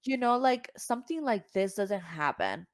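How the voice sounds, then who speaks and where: A Cuban woman, a singer appearing as a podcast guest, tells a story casually at a normal speed, acting out the voices she quotes with big swings in pitch. The audio is studio quality with no echo.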